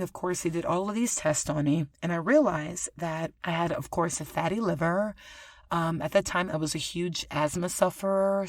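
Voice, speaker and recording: A woman hosting a casual solo podcast, talking to her listeners in an animated, profane way and laughing often. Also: on the low side, dry recording, studio quality. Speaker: podcast host.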